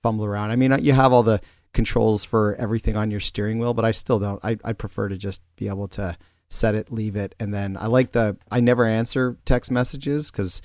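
This male podcast co-host talks a little fast in a lowish, darkish voice with fairly even intonation. His casual chat rambles, full of restarts and fillers. It's captured in clean studio sound with no room sound.

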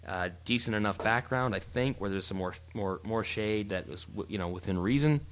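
A man co-hosting a casual photography podcast, explaining in an animated, rambling way with frequent restarts. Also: on the low side, normal speed, slight background noise. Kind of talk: casual chat.

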